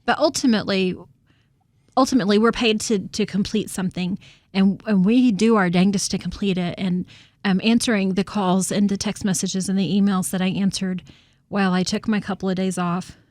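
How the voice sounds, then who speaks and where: A woman talks through a casual podcast chat, laughing often and doubling her words as she starts. Her voice sits at a middle pitch, recorded dry and close with no room sound. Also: steady tone, brisk, darkish tone, dry recording. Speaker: co-host and real estate agent.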